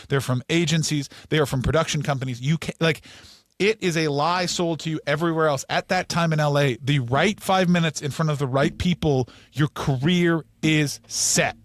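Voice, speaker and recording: Fast, profane storytelling comedian man. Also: on the high side, no room sound, clean studio sound. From Canada. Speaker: comedian guest. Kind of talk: storytelling interview.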